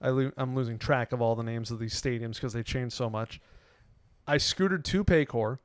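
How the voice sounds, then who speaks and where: A young man co-hosting a podcast in casual chat, telling stories with lively quoted voices and frequent laughs. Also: moderate pace, dry recording. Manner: animated storyteller, acts out quotes with sudden loud pitch jumps, laughs often. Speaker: podcast co-host.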